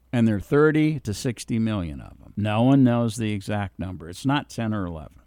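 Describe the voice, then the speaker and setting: A man's voice: medium pitch, smooth, no echo, studio quality. A middle-aged man from the United States giving a blunt, emphatic political commentary monologue. He repeats points for stress.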